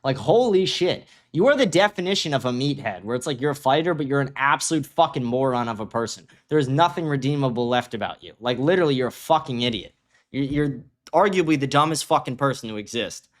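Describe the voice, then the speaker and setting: Male show host, profane and mocking ranter, mid-pitched, commentary stream. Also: animated, fast talker. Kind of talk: reactive commentary livestream.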